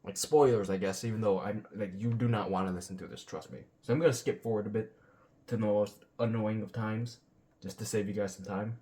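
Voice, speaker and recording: A man's voice: fairly low pitch, steady tone, fairly quick, warm tone. A man hosting a reaction video, ranting bluntly and sarcastically with plenty of swearing. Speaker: commentary channel host.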